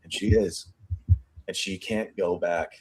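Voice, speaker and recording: Lower-pitched man breaking down statements. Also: fairly even intonation. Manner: thinking aloud, repeats and restarts phrases, pace shifting between slow and rushed. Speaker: true crime show host. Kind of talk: statement analysis commentary, reading quotes aloud.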